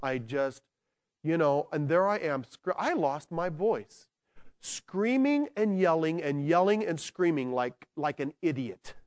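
A male pastor preaching a sermon with animated delivery, dropping into slow, quiet emphasis and then building to excited bursts. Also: a little high. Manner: slows down to stress key words.

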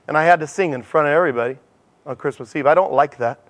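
A middle-aged man giving a sermon in a church, animated and self-deprecating, telling stories and acting out dialogue. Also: fairly high pitch, fast talker. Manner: animated, acts out dialogue in changing voices. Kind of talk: sermon with storytelling.

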